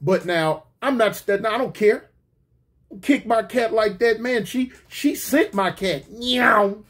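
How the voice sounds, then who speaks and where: A man telling a funny story in a casual, slangy, animated way, getting loud and excited at the big moments. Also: sits high, unhurried. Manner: animated, slangy, rising to near-shouts at the peak.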